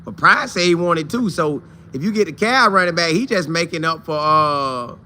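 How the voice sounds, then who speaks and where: A man hosts a loose, chatty college football fan show, reading viewers' comments and greeting them one by one by name. His voice sits a bit high and rings very bright, moving at a moderate pace over slight background noise. He often says a line twice to drive it home.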